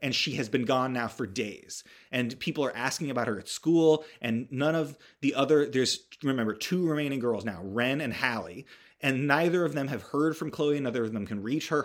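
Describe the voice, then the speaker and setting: A man casually recapping a horror movie, rambling with wry asides and self-corrections. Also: medium pitch.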